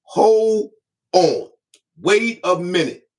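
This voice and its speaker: Loud mocking man ranting. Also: sits high, lively intonation, drawn-out words. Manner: loud, mocking, repeats catchphrases. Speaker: online show host. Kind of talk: comedic roast rant.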